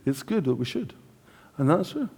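With a slightly rough, darkish voice pitched a little high, this British preacher speaks at a normal speed and swings widely in pitch. He keeps the sermon chatty and full of jokes, regularly quizzing his congregation. Church hall reverb surrounds the sound.

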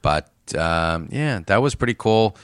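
A man's voice: fairly low pitch, lively intonation, unhurried, clean tone, no room sound, studio quality. An American man co-hosting a podcast, telling travel stories in laid-back casual chat with lots of fillers. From United States. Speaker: podcast co-host.

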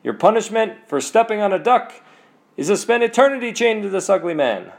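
A stern older saint announces heaven's one rule in a lifted, emphatic voice, put on by a man. The tone sits above the teller's own and keeps a gravelly edge. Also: high voice, very animated, fairly quick, voice pushed up, heavily acted.

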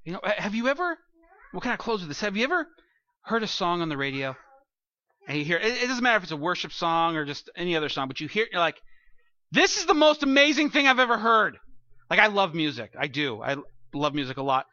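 A male pastor preaches from the front of a church in an animated, conversational way. His voice is bright and forceful. The lo-fi recording is dull and dry. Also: on the high side, quick pace, no room sound. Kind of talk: sermon.

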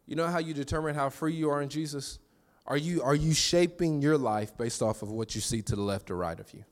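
A man preaching a sermon in a conversational way, with quick restarts and call-and-response to the congregation. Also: a little high. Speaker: pastor.

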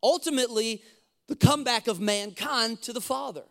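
A man with a high voice preaches to a church congregation. He presses his points with emphasis and repeats key lines. He often asks the listeners to say phrases back to him, and he slows down to read scripture. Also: a bit bright. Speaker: pastor. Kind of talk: sermon. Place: church sanctuary.

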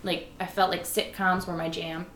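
A woman actress and writer chatting casually as an interview guest, animated and laughing often. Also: lowish voice, normal speed. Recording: roomy echo with faint room noise.

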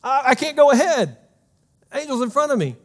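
A man voicing a stubborn, bewildered talking donkey in a high, pleading way during a sermon. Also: sing-song, a little fast. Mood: urgent.

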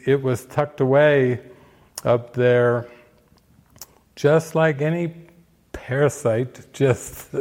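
Older male teacher, measured mid-pitch voice, very slow, halting reflective delivery. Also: a little mellow. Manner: unhurried, halting, many fillers and restarts. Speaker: spiritual teacher giving movie commentary. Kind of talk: reflective spiritual talk.

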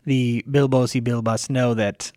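A man's voice: medium pitch, level tone, measured pace, darkish tone, dry recording, studio quality. A man co-hosting a casual chat podcast, explaining things earnestly with frequent restarts. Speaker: podcast co-host.

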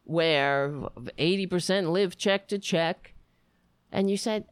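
Sarcastic woman ranting, slow and dry. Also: clean tone, no echo. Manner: sarcastic, mocking, with high mimicking voices. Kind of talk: casual political commentary.

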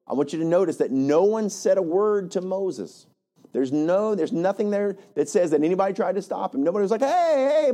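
A male pastor preaching a lively, conversational sermon, often checking in with "right?". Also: on the high side. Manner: animated, conversational, frequent "right?".

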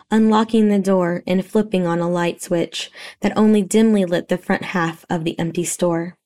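A woman narrating a romance story in a steady, even reading voice. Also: medium pitch.

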